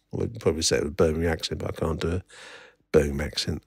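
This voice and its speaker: A man's voice: a bass voice, racing, creaky, darkish tone, slightly rough, dry recording, clean studio sound. A middle-aged man from England hosting a solo podcast, talking in a wry, rambling way full of fillers and restarts. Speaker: podcast host. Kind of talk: casual solo podcast commentary.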